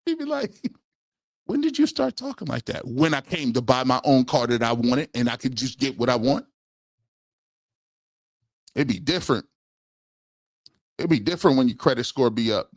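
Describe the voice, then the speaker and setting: A man's voice: medium pitch, big pitch swings, moderate pace, pauses often, dry recording, studio quality. A man in his forties hosting a live sports talk stream, telling comic stories and acting out the voices of the people in them. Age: 40s. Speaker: sports talk show host.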